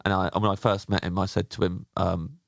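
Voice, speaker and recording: A man hosting a podcast in casual chat, joking and stumbling over quick restarts. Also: low voice, little pitch movement, gravelly, no echo, studio quality. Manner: quick, stammering restarts, jokey. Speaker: podcast host.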